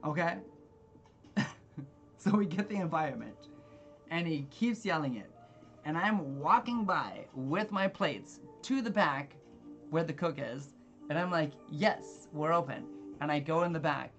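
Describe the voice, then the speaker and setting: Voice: mid-range voice, lively intonation, a little slow, pauses often, a bit bright, lo-fi sound, soft background music. A gamer telling a long story while playing, rambling and exasperated, swearing freely. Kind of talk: casual storytelling with gameplay.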